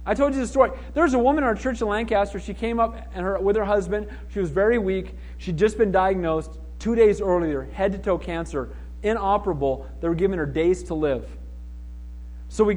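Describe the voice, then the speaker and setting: A man preaching a sermon as pastor, animated and acting out the voices of people in the story. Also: high-pitched.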